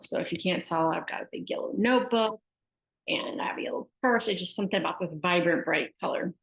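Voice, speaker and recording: A middle-aged woman, a sports nutrition specialist, chatting casually and telling stories, often tossing in "like" and "right?". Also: lowish voice. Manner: chatty storyteller, frequent "like" and "right?". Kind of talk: casual conversational advice. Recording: echoey room, dull lo-fi sound.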